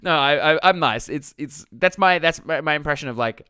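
Guy doing a self-help pep talk as a coach, crisp bright voice, dry sound, swears a lot. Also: fairly high pitch, normal speed, dry recording. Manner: blunt, swears freely, jokey mock impressions. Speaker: life coach.

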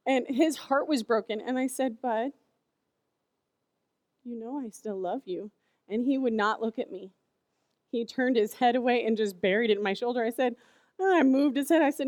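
A woman's voice: a little high, normal speed, long pauses, dry recording, studio quality. A woman in her thirties giving a casual, chatty sermon to kids, telling stories with lots of "like" fillers. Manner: chatty, animated storytelling with "like" fillers. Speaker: youth speaker.

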